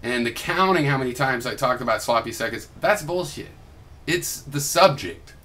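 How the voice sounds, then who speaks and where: A young man with a mid-range, fairly bright voice records an argumentative reply to another vlogger. Animated and at a moderate pace, he is combative and profane, sarcastically mock-quoting his opponent.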